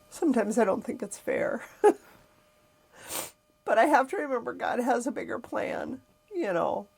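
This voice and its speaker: Gravelly middle-aged woman, reflective. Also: fairly high pitch, big pitch swings, unhurried, long pauses, a little mellow. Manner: reflective, emotional, sighing. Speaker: podcast host. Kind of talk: personal storytelling podcast.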